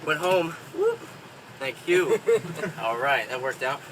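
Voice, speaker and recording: Male comic, folksy joke telling, fairly high voice, distant mic, street noise. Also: very animated, slow pace, a bit bright. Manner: folksy, chuckles at own jokes. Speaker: stand-up comedian.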